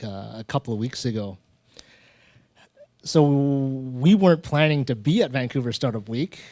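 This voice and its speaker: A man hosting a live storytelling event on stage, talking in a relaxed, conversational way and acting out little exchanges from his own stories. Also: mid-range voice, no room sound. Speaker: host of a live storytelling show.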